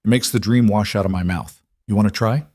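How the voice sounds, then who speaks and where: Quiet protective mafia boss, played by a man: calm, low, unhurried. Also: dry recording, clean studio sound, lightly acted.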